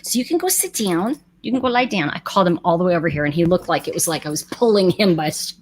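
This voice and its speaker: A middle-aged woman hosts a casual livestream in a loose, chatty way. Her pitch swings lively up and down as she greets viewers by name. She often drifts off mid-sentence and starts again. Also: quick pace, a little hiss or hum. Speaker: livestream host.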